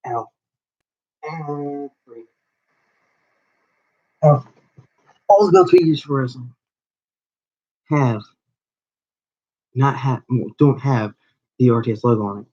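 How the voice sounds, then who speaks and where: A man's voice: medium pitch, slow, long pauses, a little mellow. A man who owns a small wrestling channel, delivering a confrontational, rambling call-out to a rival with frequent restarts. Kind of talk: call-out video rant. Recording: dull lo-fi recording.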